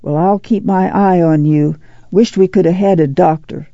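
A woman's voice: lowish voice, moderate pace, mellow, no echo, natural voice. Woman reading tough tired farm ma, bossy and firm, muffled lo-fi sound. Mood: worried. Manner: firm, coaxing and bossy in turn. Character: weary, determined farm mother of a migrant family. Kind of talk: audiobook character voice.

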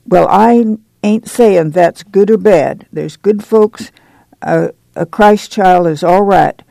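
A man's voice: high voice, slow pace, vocal fry, mellow, no room sound, heavily acted. A man voicing a fierce, pious, stocky older woman with a who scolds and preaches warnings. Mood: scolding.

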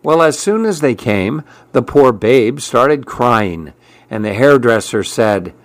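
Male narrator for a rhyming picture book, measured and rhythmic, taking his time; dry, close recording. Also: mid-range voice, animated, no room sound.

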